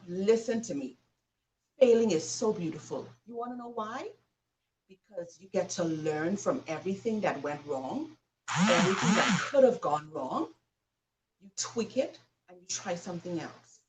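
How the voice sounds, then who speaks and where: A woman host delivering a motivational talk, emphatic and preachy, often asking the listener questions. Her voice sits at a middle pitch and sounds a little away from the mic. A faint noise runs underneath. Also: expressive, unhurried, recorded from a distance, poor audio.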